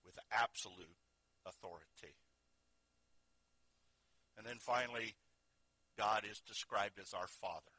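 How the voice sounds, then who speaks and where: A man preaching a sermon, telling stories earnestly and moving between soft and loud delivery. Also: fairly low pitch, no echo, low-quality recording.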